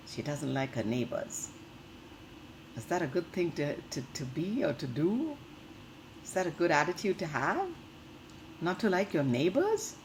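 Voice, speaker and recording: A young woman teacher, reading a story to children and explaining it in a gentle, questioning manner. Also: low-pitched, big pitch swings, moderate pace, pauses often, slight background noise, low-quality recording.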